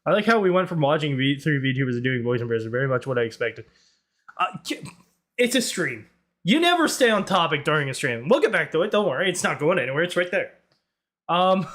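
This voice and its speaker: Lively high-voiced Northern Irish man. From Northern Ireland. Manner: rambling, laughs a lot, goes off on tangents. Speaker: streamer. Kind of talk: casual live-stream chat.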